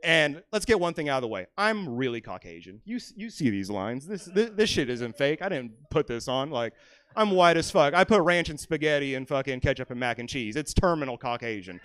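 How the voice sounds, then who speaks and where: A young man doing a stand-up set in a small comedy theater, brash and profane, swinging between loud rants and muttered asides. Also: medium pitch, sing-song, brisk, clear, resonant tone, no echo. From California. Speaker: stand-up comic.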